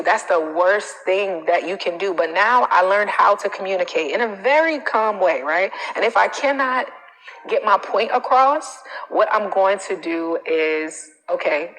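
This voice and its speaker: A woman confidence coach giving advice on a live stream, emphatic, repeating her points and tagging them with "okay?"; she acts out other people's quoted lines in a higher voice. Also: a bit bright, long reverb tail, poor audio. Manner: emphatic, repeats phrases, frequent "okay?" tags.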